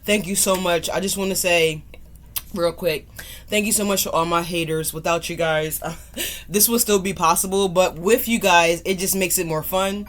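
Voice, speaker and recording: A woman's voice: lowish voice, moderate pace, fairly bright tone. A woman hosting her own tarot channel, talking casually to camera in a loose, chatty way, repeating greetings and swearing now and then. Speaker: tarot reader and channel host.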